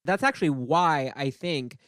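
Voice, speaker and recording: Woman podcast host, animated storytelling, swooping pitch, dry close sound. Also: moderate pace, no room sound. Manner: animated, acts out characters in quotes. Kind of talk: casual comic chat recapping comics.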